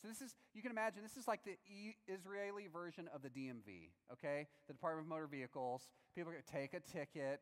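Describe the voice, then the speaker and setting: A man preaching a sermon in a lively, animated way, acting out the voices of biblical figures. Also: fairly high pitch, quick pace, hardly any pauses, in a large hall.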